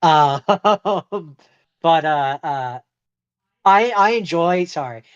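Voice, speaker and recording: A podcast co-host in casual chat, hesitant and filling pauses with ums. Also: mid-range voice, animated, clean tone, no echo. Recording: dull dry sound.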